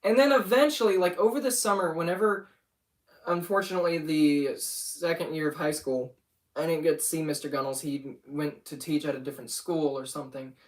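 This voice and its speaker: A man's voice: on the high side, steady tone, normal speed, far from the mic. A young man rambling casually about his animation channel on a livestream, often getting sidetracked. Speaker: channel owner.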